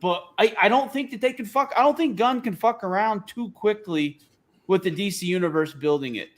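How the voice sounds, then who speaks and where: A man with a notably high voice riffs through casual podcast banter. He is opinionated, profane and animated, and he jumps from one take to the next. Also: moderate pace. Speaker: podcast co-host. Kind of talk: casual chat.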